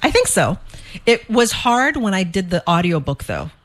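A woman from St. Croix, an author being interviewed, talking in a quick, animated way with frequent restarts. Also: medium pitch. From St. Croix, US Virgin Islands. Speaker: author and guest. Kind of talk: casual interview chat.

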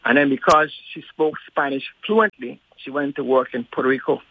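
Man, radio guest, gravelly voice, slow and deliberate, lots of ums, tinny phone line, dry. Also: medium pitch, sharp tone, no room sound. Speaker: radio show guest, local historian. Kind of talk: radio call-in interview, recounting history.

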